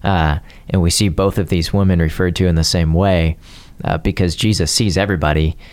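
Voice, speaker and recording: A man's voice: low voice, steady tone, brisk, darkish tone, clear, resonant tone. A man explaining a Bible story in casual conversation, earnest and building his point in long chains of phrases.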